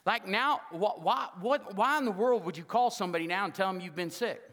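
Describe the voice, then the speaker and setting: Speaking fairly quickly in a piercing, high voice, a pastor tells stories during a funny sermon and slips into character voices for quoted lines. His animated, joking delivery echoes with a long reverb around the church sanctuary.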